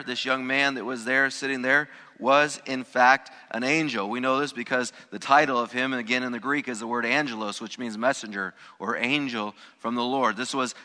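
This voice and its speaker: A man's voice: medium pitch, pushed and bright, long reverb tail. A man preaching a sermon as pastor, emphatic, stressing key words and repeating phrases for weight. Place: church sanctuary.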